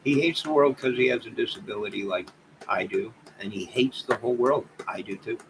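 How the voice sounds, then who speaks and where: A man's voice: medium pitch, brisk. Rambling man signing off a noisy stream. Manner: rambling, joking, exclamatory. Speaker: livestream host. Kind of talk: casual livestream sign-off chat.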